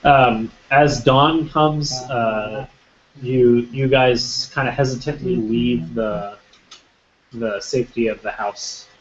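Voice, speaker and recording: A man narrates a tabletop roleplaying game as game master, stopping and restarting his sentences often. His voice sits at a medium pitch. The recording is dull and lo-fi. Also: fairly even intonation, slow. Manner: hesitant, many ums and restarts. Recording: muffled lo-fi recording.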